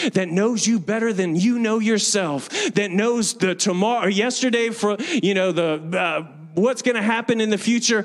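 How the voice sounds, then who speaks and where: High-voiced man preaching a slow sermon. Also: big-room sound. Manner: leads congregation in call-and-response; rising to fervent declarations. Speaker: pastor. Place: church hall with balconies.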